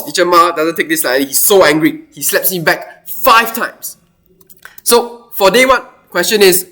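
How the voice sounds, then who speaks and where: Brief: male tutor, lively up-and-down delivery, walks through a worked math question. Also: high voice. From Singapore. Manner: animated, thinking aloud with exclamations. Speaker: math teacher. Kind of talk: explaining a worked math problem.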